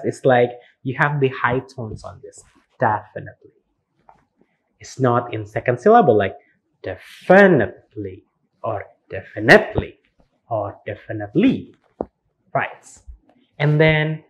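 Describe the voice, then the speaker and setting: An Indonesian man lecturing to camera, spelling out each word and repeating it with rhetorical questions. His voice is slightly husky and he speaks slowly, with a lively, swinging pitch. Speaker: university lecturer. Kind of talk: recorded online lecture.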